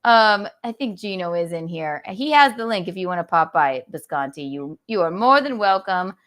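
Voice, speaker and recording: A woman in her thirties hosting a podcast, joking crudely and swinging between loud outbursts and a mock-calm drawl. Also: fairly low pitch, normal speed. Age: 30s. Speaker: podcast host. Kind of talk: casual comedic chat.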